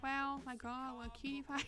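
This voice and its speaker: A woman streamer casually reading online quiz questions aloud and reacting with laughs and swearing. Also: sits high. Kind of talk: casual reading and commentary while taking online quizzes.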